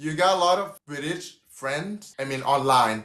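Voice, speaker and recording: A man's voice: a little high, lively intonation, brisk, a bit bright, a little hiss or hum. Thai man with an American accent, echoey room. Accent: Thai speaker with a learned American accent. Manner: friendly, uses many fillers like "like" and "you know". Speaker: host. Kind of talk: casual interview.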